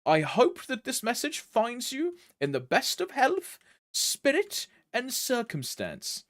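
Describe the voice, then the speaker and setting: A man's voice: very high-pitched, wildly swooping pitch, slow, a bit bright, voice pushed up, heavily acted. A man reading in a pompous, overly formal voice as a grand letter writer, drawn out and stately.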